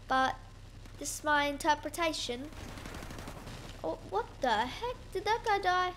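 High-voiced excitable woman gamer. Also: slight background noise. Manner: excitable, self-mocking, quick exclamations. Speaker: gaming YouTuber. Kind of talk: gameplay commentary.

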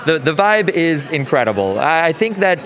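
A man's voice: a little high, sing-song, normal speed, fairly bright tone. A man who judges card games, answering interview questions thoughtfully and with enthusiasm. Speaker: tournament judge.

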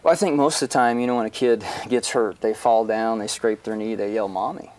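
A middle-aged man, a pastor and guest, telling an emotional personal story in an earnest, halting way with many restarts. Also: on the low side, fairly even intonation, a little mellow, distant mic.

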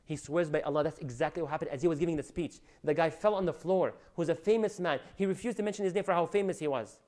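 A man giving an animated religious lecture, preaching with loud rising emphasis and Arabic phrases mixed in. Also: fairly high pitch, fast. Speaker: Islamic lecturer.

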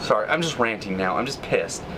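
A man hosting a gaming channel, giving live gameplay commentary, ranting in frustration, with sudden high outbursts and low mutters. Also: expressive, a little fast, background noise.

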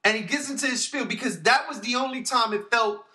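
A man co-hosting a casual movie review podcast, animated, swearing freely and swinging from low murmurs to loud outbursts. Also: brisk. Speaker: podcast co-host.

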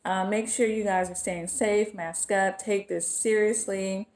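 A woman talks in a relaxed vlog. She gushes her thanks and keeps a casual, personal tone with her viewers. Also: mid-range voice, unhurried. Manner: effusive, gushing thanks. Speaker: vlogger.

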